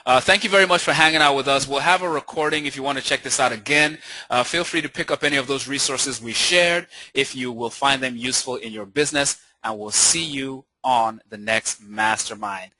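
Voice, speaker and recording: A man hosting a webinar, walking listeners through a software demo in an upbeat way and checking in with them often. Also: mid-range voice, a little fast, hardly any pauses, no room sound, poor audio. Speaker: webinar host. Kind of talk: live software demo walkthrough.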